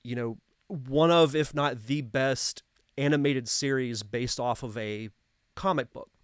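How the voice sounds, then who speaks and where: A man's voice: mid-range voice, measured pace, smooth, no room sound, studio quality. A man in his thirties hosting a podcast, chatting in an enthusiastic, talkative way. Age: 30s. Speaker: podcast host. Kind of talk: casual interview chat.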